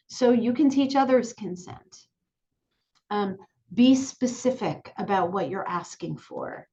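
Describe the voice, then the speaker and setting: A woman sexuality educator speaking calmly and clearly to the camera, repeating her key points. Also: mid-range voice, measured pace, highs cut off. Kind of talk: direct-to-camera lesson. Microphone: looking into camera, on-camera mic.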